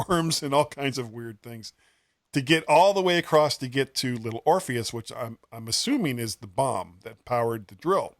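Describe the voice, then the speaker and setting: In a studio-quality recording with no echo, a mid-range male voice co-hosts a laid-back tech podcast. He rambles and chuckles while recommending a game, making self-deprecating jokes.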